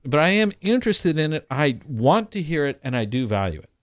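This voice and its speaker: A man co-hosting an advice talk, his voice sitting a little high and leaping around as he plays out parent and child exchanges. He sounds dry and close to the mic. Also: brisk, no echo. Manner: animated, acts out both sides of conversations. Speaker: co-host giving family advice.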